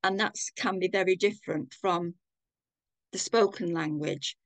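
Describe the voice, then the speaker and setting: Older woman, Manchester accent, lowish voice, dry sound, measured and reflective, video call. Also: dry recording. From England. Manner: thoughtful, measured, with restarts. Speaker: community participant.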